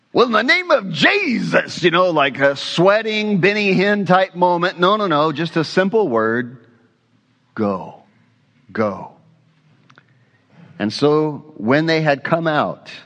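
Pastor preaching in an echoey hall. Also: male voice, mid-range voice, fairly bright tone, highs cut off. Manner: conversational, asks the congregation questions. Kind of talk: expository sermon.

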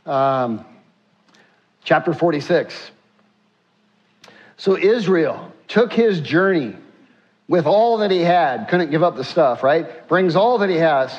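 A man's voice: a little high, lively intonation, slow, pauses often. Preaching man, slightly dull recording. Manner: preaching with frequent filler sounds, acting out prayers in a hushed voice. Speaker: pastor. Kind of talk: sermon.

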